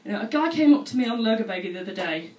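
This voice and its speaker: A woman performing a stand-up comedy routine, telling stories in a chatty, animated way and acting out other people's voices. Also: mid-range voice, racing. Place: comedy club stage with audience laughter. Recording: roomy venue audio from a distance with faint noise.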